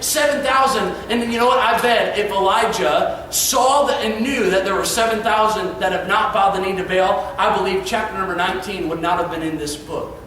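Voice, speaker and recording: A man preaching an evening sermon, earnest and emphatic, dropping soft for quiet passages. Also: high voice, a little fast, few pauses, a little hiss or hum. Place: church sanctuary. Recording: echoey church hall, far from mic.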